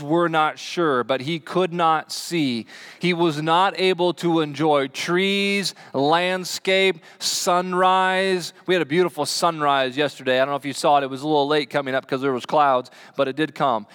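Pastor, male, sermon in a church; fairly high, smooth voice, chatty with the congregation. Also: fairly bright tone. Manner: chatty, asks the congregation questions. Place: church sanctuary.

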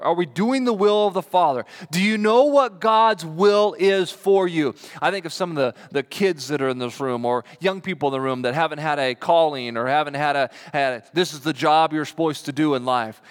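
A man preaching a sermon as pastor, animated, acting out quoted voices with big jumps in pitch. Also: in a large hall. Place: church sanctuary.

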